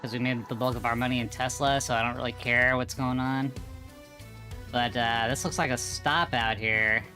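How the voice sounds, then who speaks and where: A man's voice: mid-range voice, fairly even intonation, moderate pace, sharp tone, faint music behind. A man streaming live, rambling offhand about his trades.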